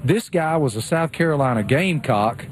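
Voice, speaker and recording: A man's voice: a little high, lively intonation, moderate pace, a little hiss or hum, poor audio. A man co-hosting a sports talk show, joking and teasing in casual banter. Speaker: co-host.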